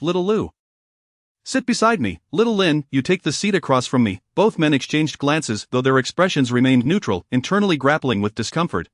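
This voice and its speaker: A man narrating a scripted story in an even, measured way. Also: medium pitch, no echo, studio quality.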